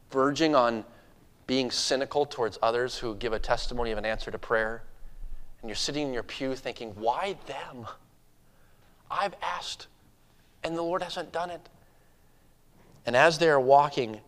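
A man preaching a sermon who drops to a hush and then rises to loud, urgent passages, often repeating words when he gets going. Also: on the high side. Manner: swings from hushed to loud and urgent, acts out voices. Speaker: pastor.

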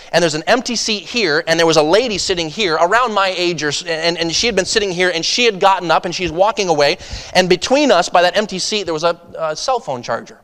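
A man preaching as an evangelist, telling a story with animated swings between loud excitement and soft earnest delivery. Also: sits high, fast. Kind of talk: sermon storytelling. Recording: long hall reverb.

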